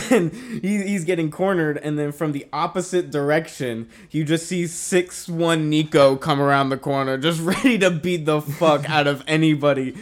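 A man's voice: on the high side, moderate pace, hardly any pauses. A young man telling a story in casual chat, rambling and swearing, with lots of fillers. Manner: rambling, profane, many fillers.

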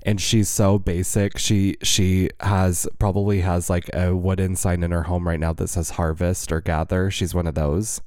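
A man with a very low, dark voice trades crude gossip on a podcast. He talks casually and playfully. The recording is dry and close. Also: little pitch movement, normal speed, few pauses, dry recording. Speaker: podcast co-host. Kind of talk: casual chat.

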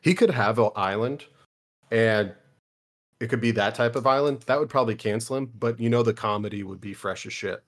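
A man's voice: medium pitch, fairly quick. A young man co-hosting a casual podcast, telling crude stories in a rambling, jokey way. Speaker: podcast co-host.

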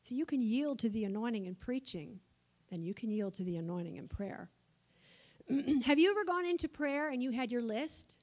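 A woman preaching a sermon, passionate at times and soft in her asides. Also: a little high, lively intonation, moderate pace. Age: older. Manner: impassioned, swings from shouting to soft asides.

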